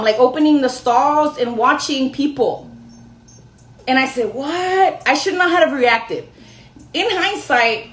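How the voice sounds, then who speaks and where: A young woman tells a long personal story straight to her viewers, rambling and poking fun at herself as she goes. Her voice sits a little high. The room around her gives a noticeable echo. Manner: chatty, rambling, self-mocking with laughs. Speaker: storyteller vlogger. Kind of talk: casual storytelling to camera.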